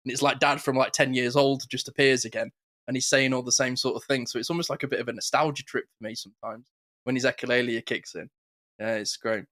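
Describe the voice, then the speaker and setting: Animated bright-voiced man. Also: mid-range voice. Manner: animated, quick storytelling with impressions. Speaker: podcast co-host. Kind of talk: casual chat.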